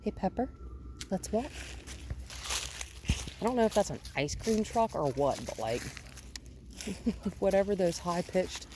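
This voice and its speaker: A woman dog trainer explaining leash training outdoors on a residential road, calmly coaxing the dog and praising it often. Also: medium pitch, a little slow, pauses often. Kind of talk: instructional walk-along narration. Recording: outdoor noise in the background.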